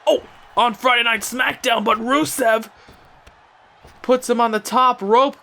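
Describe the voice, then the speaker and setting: A young man giving excitable play-by-play commentary on a wrestling video game, breaking into shouts at big moves. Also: extremely high pitch, unhurried, gravelly, pauses often.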